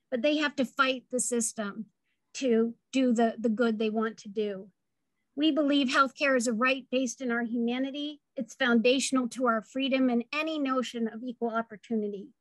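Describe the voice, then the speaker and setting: A woman's voice: a little high, fairly bright tone, no room sound. Earnest woman giving a heartfelt speech. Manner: earnest, heartfelt, building to rallying calls. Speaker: speaker at a town hall. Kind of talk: personal story and advocacy speech.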